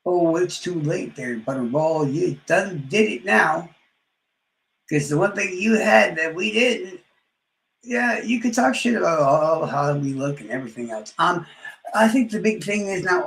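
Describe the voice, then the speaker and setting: A man's voice: sits high, expressive, moderate pace, creaky, echoey room, poor audio. A man trash-talking rivals on a live stream, boastful and profane, his words often trailing off into mumbles. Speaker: livestreamer.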